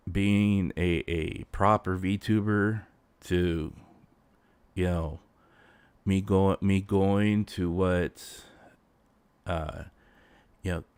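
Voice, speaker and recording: A man's voice: low-pitched, darkish tone, smooth, no echo. A man streaming as a VTuber, ranting casually with many restarts and fillers. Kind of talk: casual livestream rant.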